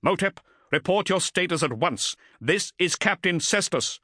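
A man's voice: sits high, lively intonation, a little slow, bright, forceful tone, dry recording, clean studio sound, pitched above the performer's own voice, exaggerated voice. A man voicing a stern male warrior captain who speaks in curt, demanding questions.

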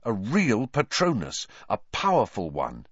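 A man's voice: on the low side, wildly swooping pitch, a little slow, slightly rough, dry recording, lo-fi sound, heavily acted. A man voicing a teenage boy who talks intensely and bitterly, sometimes in a mutter. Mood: tense. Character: teenage boy, tense and fierce.

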